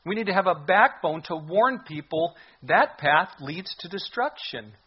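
Pastor, male, husky voice, earnest emphatic sermon, muffled lo-fi recording. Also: high voice, expressive, a little slow. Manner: earnest, emphatic preaching with repetitions.

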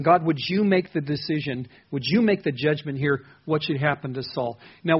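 A man's voice: on the high side, slightly rough. A man preaching an expository sermon in a conversational, earnest way, asking his listeners questions as he teaches. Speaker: pastor. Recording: dull lo-fi sound.

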